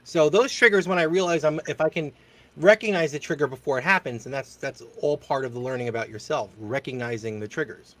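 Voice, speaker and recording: A man's voice: fairly high pitch, fairly quick, a bit bright. A man hosting a casual chat show, telling stories in a rambling way with casual swearing. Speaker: host.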